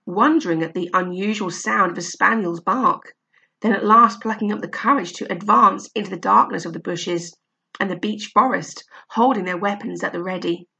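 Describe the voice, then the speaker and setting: A woman reads a children's story aloud in a steady, expressive voice. Her pitch sits in the middle of the range, with a noticeable creak underneath. The pacing is even and clear for listening. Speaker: narrator.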